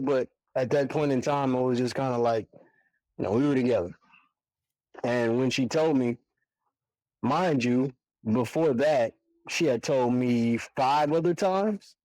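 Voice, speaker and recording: A man in his forties, a guest on a podcast, telling a personal story in a casual, animated way and acting out his own reactions. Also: mid-range voice, no echo, rough recording. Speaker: podcast guest, barber and single father.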